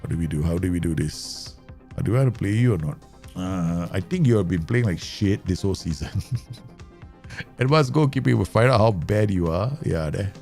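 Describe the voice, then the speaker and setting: Guy w streaming a footy manager game, gravelly, pitch jumping all over, laughs a lot. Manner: excitable, laughs often, animated pitch swings. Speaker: gaming streamer. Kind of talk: casual game commentary.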